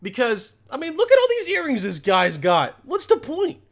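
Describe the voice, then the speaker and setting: A young man with a high, light voice rants through comedic reaction commentary. He rambles, swears freely and works himself into mock outrage. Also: wildly swooping pitch, moderate pace, vocal fry. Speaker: commentary host.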